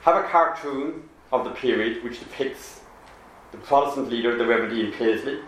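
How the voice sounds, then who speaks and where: A man's voice: mid-range voice, slight background noise. Man giving an echoey public talk. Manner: measured, explanatory, quoting documents. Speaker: public speaker. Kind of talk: public talk reading from a pamphlet. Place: meeting room with an audience. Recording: echoey room with faint ambience.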